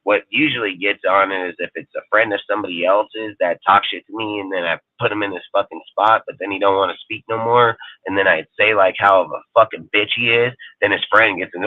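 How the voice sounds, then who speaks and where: A low-voiced man rants on a livestream, cursing freely as he rambles from one grievance to the next. The sound is tinny and phone-like, with no room echo at all. It's heated, loose and unscripted. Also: steady tone, a little fast, hardly any pauses. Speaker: fan show host. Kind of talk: ranting livestream talk.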